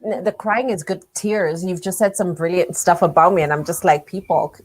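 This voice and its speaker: A woman's voice: fairly low pitch, moderate pace. A woman hosting a podcast, chatting effusively with a guest over a call and often restarting her sentences. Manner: effusive, gushing, restarts a lot. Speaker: podcast host. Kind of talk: casual chat.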